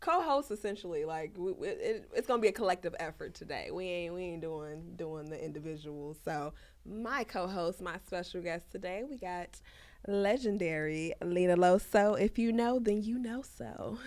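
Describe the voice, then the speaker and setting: A woman's voice: on the low side, normal speed, a little mellow. Playful, slangy young woman podcast host. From Chicago, USA. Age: young adult. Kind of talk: casual chat.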